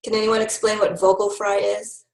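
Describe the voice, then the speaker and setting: A woman's voice: medium pitch, level tone, normal speed, creaky, echoey room, low-quality recording. A woman giving an online training talk to new health educators, upbeat and instructive, with frequent ums.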